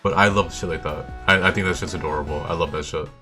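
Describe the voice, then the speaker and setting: Excitable swearing young guy. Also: deep voice, fast talker. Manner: enthusiastic, swears often, repeats himself. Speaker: video host. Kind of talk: casual commentary. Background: faint game music.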